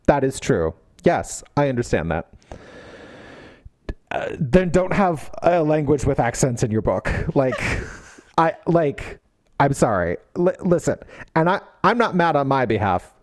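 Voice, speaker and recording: A man co-hosting a podcast, ranting in a casual, animated way and laughing often. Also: on the high side, measured pace, pauses often, no room sound. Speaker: podcast co-host. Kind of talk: casual chat.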